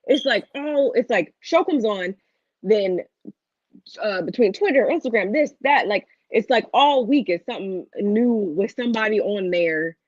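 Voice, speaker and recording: A woman's voice: mid-range voice, lively intonation, no echo. Rambling woman, dry muffled mic. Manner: rambling, thinking aloud with many pauses. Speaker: co-host. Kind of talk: casual chat on a livestream.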